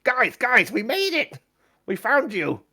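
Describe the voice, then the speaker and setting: A man voicing an excitable male friend of the adventuring party, who talks eagerly but falters with fillers. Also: on the high side, unhurried, voice pushed up. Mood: overjoyed.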